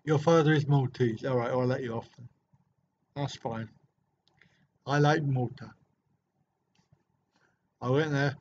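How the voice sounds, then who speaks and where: Slow-talking man on a livestream. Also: medium pitch, fairly even intonation, darkish tone, slight background noise. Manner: rambling, jokey, answers viewer comments. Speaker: livestream host. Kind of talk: casual livestream chat. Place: hotel room. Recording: dull lo-fi livestream audio.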